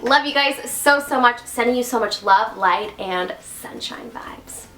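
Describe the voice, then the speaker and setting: A bubbly young woman talks casually to her viewers, quick to giggle. Her voice is bright and forward. The sound carries a noticeable room echo. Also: on the high side, soft background music. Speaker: YouTube wellness host. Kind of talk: casual talk to camera. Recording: echoey room.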